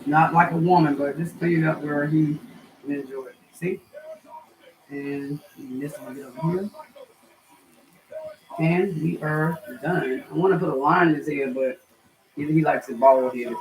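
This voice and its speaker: A woman's voice: low voice, a little slow, pauses often, rough recording. A woman with a Southern North Carolina accent hosting a casual home livestream, chatting to viewers as y'all and swearing then apologizing. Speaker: cooking channel host. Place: home, indoors.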